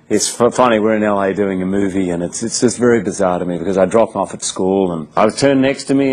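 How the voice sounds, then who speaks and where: A man, telling animated stories in a casual interview with frequent restarts. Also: lowish voice, poor audio. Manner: animated storyteller, quick restarts. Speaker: interviewed actor.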